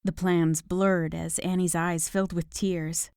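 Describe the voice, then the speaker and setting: A woman narrating a romance audiobook in a calm, even storytelling manner. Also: fairly low pitch, measured pace, few pauses, clean tone, no room sound, studio quality. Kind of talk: scripted narration.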